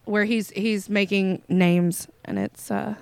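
A woman's voice: mid-range voice, fairly even intonation, slow pace, creaky, smooth, no room sound. A woman co-hosting a podcast, casually recapping a film with cursing and laughter. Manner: casual and profane, laughs, acts out quotes. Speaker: podcast co-host. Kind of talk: casual movie recap chat.

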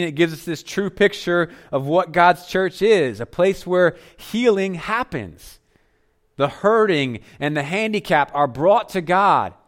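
A man preaching a sermon as pastor, earnest, dropping to softer tones for emphasis. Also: on the high side.

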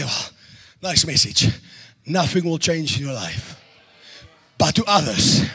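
A man preaching a sermon in an auditorium, shouting fervently, then dropping to a hush. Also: very high voice. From South Africa. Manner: shouting, stirred-up preaching with sudden quiet drops.

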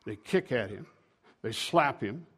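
A man preaching a sermon, retelling scripture in a folksy, conversational way with sharp swings from loud to quiet. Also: mid-range voice, animated, a little slow, husky.

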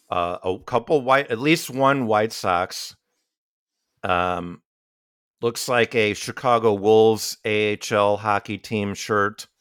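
Man, podcast co-host, unhurried, lowish voice, rambling fillers. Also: fairly bright tone, clear, resonant tone, dry recording, clean studio sound. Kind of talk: casual chat.

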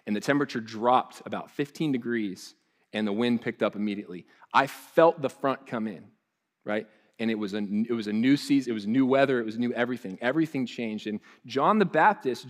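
A male pastor, preaching a sermon in a loose, conversational way with frequent restarts and asides. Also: mid-range voice.

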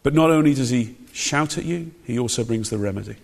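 Preacher, emphatic, in a reverberant hall. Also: male voice, mid-range voice, lively intonation, brisk, creaky. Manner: emphatic, conversational preaching with rhetorical questions. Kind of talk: sermon.

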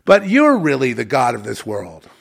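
A man's voice: medium pitch, huge pitch swings, moderate pace, creaky. A man hosting his own podcast, delivering an angry, profane and sarcastic solo rant. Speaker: podcast host.

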